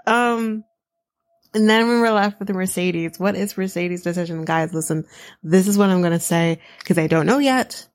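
This podcast host's voice is lowish and moves at a normal speed, captured in a dry recording. She recaps a show casually and bluntly, with sarcasm, free swearing, and laughter at her own lively asides as she addresses the audience.

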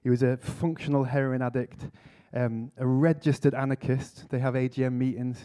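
A man's voice: medium pitch, little pitch movement, moderate pace, dark tone. A man giving a conference sermon, telling a story earnestly with self-mocking humour. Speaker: speaker at a church conference. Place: conference hall talk.

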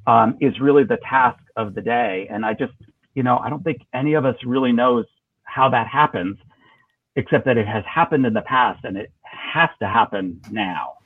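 A man's voice: medium pitch, moderate pace, husky, no room sound. A man as an interview guest, talking politics in a thoughtful, hesitant way with many fillers and restarts. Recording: tinny dry phone line.

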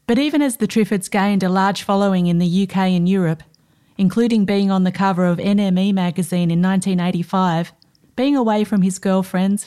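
A woman presenting a radio documentary, narrating in a measured, scripted way and reading diary excerpts aloud. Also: mid-range voice, mellow, smooth.

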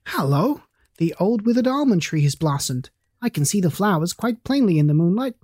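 A reader voicing an excitable boy who speaks in eager exclamations. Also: mid-range voice, normal speed, slightly rough, dry recording, clean studio sound, voice pushed up. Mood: excited.

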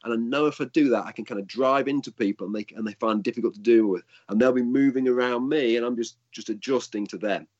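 An older man talks through his answers in a loose, practical way, often restarting his sentences. His voice sits at an ordinary pitch. The recording sounds a little dull and lo-fi. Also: quick pace, few pauses, darkish tone. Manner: rambling, frequent restarts, practical. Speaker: martial arts instructor. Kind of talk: casual interview answers.

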